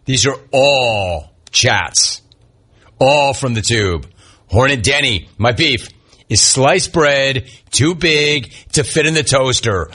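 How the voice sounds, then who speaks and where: Sports radio guy reading chat messages, slow and unhurried, bright voice, cracks jokes after each one. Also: mid-range voice, lively intonation. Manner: wisecracking, riffs on each message. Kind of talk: casual sports talk show chat.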